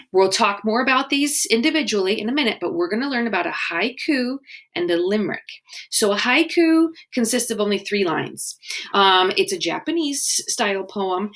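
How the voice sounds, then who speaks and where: A woman teaching a writing webinar for children, friendly and encouraging, slowing down to sound out syllables. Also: mid-range voice, gravelly, a bit bright.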